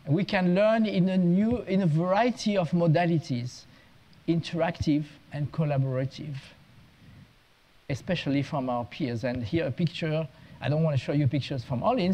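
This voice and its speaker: A man's voice: on the high side, moderate pace, a little mellow, low-quality recording. A man, an education consultant, giving a conference talk, telling humorous anecdotes with small restarts along the way. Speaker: guest speaker, education consultant.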